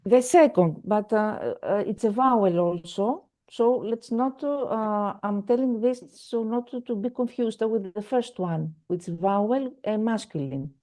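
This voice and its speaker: A woman's voice: mid-range voice, unhurried, hardly any pauses, mellow. A woman teaching a French lesson over a video call, patient and repetitive, with many fillers. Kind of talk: online language lesson.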